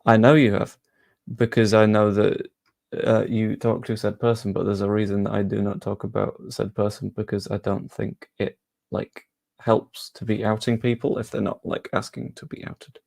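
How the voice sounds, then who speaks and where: A man hosting a football channel, chatting casually as he answers viewer questions with quick asides. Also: fairly low pitch, level tone, gravelly, darkish tone. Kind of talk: casual live-stream Q&A.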